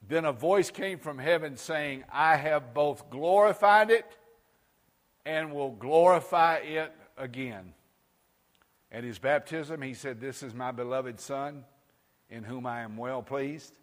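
Preacher man with booming dynamic swings. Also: takes it slowly. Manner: dynamic, swings between loud emphatic peaks and low intimate asides. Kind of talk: sermon. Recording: long reverb of a large hall.

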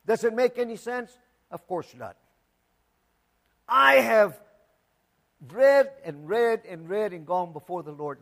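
A man preaching a sermon, emphatic, swinging from loud declarations to hushed asides and repeating words for emphasis. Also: sits high, lively intonation, measured pace, gravelly, long pauses. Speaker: pastor.

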